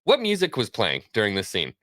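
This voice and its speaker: A man's voice: lowish voice, wildly swooping pitch, fairly quick, fairly bright tone, no echo. A man co-hosting a casual podcast chat, tossing in dry, jokey asides. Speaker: podcast co-host.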